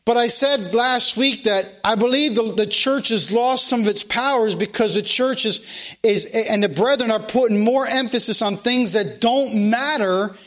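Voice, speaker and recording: A man's voice: very high-pitched, moderate pace, fairly bright tone. A man preaching a sermon, calling out scripture references again and again and asking rhetorical questions. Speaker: pastor.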